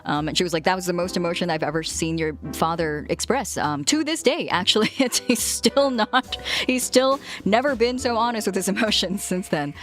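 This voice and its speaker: A woman's voice: mid-range voice, normal speed, faint music behind. A young woman streamer in casual chat with her viewers, reading their messages aloud and chatting back with big swings in tone.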